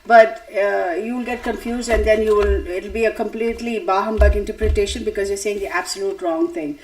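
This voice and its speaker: This tarot live-stream host talks fairly quickly in a steady, slightly mellow mid-range voice. Casual and chatty, she speaks straight to her viewers, drifts off topic, and laughs frequently; the audio quality is low.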